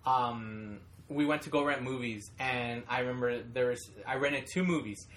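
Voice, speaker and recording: A man's voice: mid-range voice, moderate pace, a little hiss or hum. A young man in casual chat, telling a childhood story and acting out quoted lines. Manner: storytelling with animated quoted voices.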